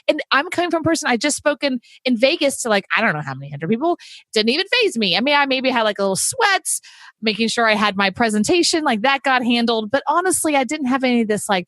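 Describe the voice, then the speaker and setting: A woman's voice: high voice, fast, dry recording. Host: Southern-raised woman, radio host, gushing and self-deprecating, dry close recording. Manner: excitable, self-deprecating, repeats phrases. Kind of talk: casual interview conversation.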